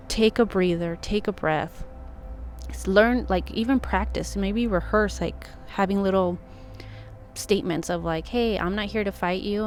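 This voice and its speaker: A woman talking straight to camera with earnest, encouraging life advice, full of casual fillers, over faint background music. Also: mid-range voice. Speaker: intuitive advice vlogger. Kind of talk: casual heartfelt advice monologue.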